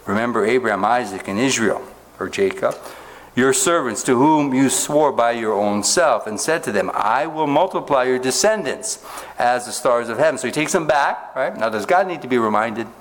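Man preaching, slow scripture reading. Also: medium pitch, lively intonation. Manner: reads scripture slowly, asks rhetorical questions. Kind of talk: sermon, Bible teaching.

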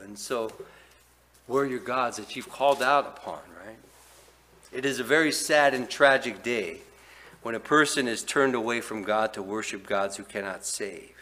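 A man preaching a verse-by-verse sermon in a low, forceful voice. He leans on rhetorical questions and keeps checking in with "right?". His delivery swings between loud bursts and quiet asides. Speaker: pastor. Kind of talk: expository sermon.

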